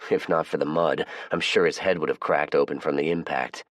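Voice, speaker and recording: A man narrating a first-person audiobook in a measured, plain storytelling manner. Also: extremely low pitch, fairly even intonation, dry recording.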